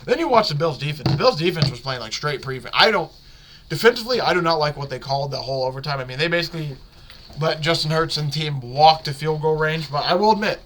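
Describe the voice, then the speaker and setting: A man hosting a sports podcast, talking casually and excitedly about football games, often correcting himself and circling back mid-sentence. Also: on the high side, fast. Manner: rambling, excitable, self-correcting. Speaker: podcast host.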